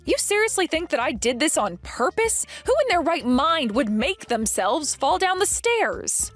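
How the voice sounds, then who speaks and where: A woman voicing an indignant, accusing middle-aged mother-in-law in an animated story drama. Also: high-pitched, measured pace, soft background music.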